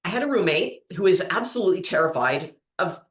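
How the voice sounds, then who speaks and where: A woman's voice: lowish voice, animated, quick pace. A woman hosting a trivia show, chatting casually and telling rambling stories with frequent laughter. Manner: rambling, giggly storyteller. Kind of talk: casual chat and storytelling. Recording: roomy echo.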